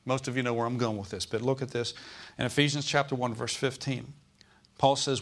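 The sermon comes from a U.S. pastor whose medium-pitched voice is steady and brisk. Addressing his congregation in the sanctuary, he repeats key phrases with emphasis and asks if everyone is following.

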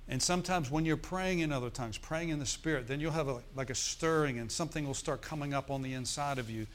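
A man's voice: a little high, fast. A male pastor preaching a sermon, telling stories and asking the congregation for responses. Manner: preaching with call-and-response asides; animated storytelling, acts out forced laughter.

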